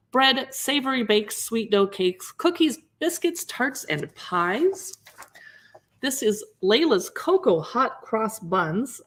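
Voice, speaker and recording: A woman hosting a casual livestream, chatty and animated, showing products and joking about herself. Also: medium pitch. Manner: chatty, animated, self-deprecating. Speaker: livestream host. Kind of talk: casual product showcase chat.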